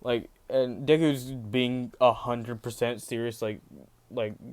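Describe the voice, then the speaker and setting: A man's voice: mid-range voice, steady tone, takes it slowly. A man casually narrating a fan-made story, rambling, with many fillers and restarts.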